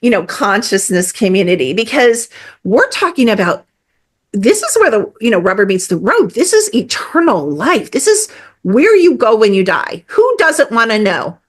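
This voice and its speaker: A middle-aged woman talking as a guest on a podcast, animated and emphatic, with many fillers and acted-out quotes. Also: fairly high pitch, moderate pace. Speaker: guest energy healer. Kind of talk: casual podcast conversation.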